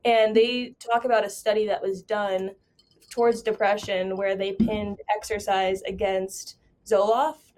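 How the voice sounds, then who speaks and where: A woman's voice: medium pitch, a little mellow. A young woman co-hosting a podcast, chatty and casual, with lots of fillers and easy laughter. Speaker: podcast co-host. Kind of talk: casual chat.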